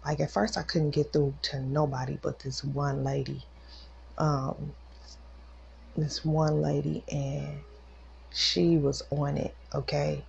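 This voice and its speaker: A woman's voice: low voice, little pitch movement, takes it slowly, gravelly, darkish tone, slightly rough, muffled recording. A woman podcast host telling a personal faith testimony in a casual, emotional way, acting out the voices of the people in her story. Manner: emotional, acts out quoted voices.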